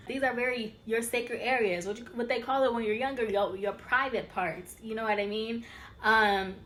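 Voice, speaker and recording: A woman teaching spiritual ideas on her own channel in a casual, chatty way. She gets excitable and keeps talking straight to her viewers. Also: medium pitch. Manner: addresses viewers as y'all and you guys. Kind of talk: casual teaching talk over slides.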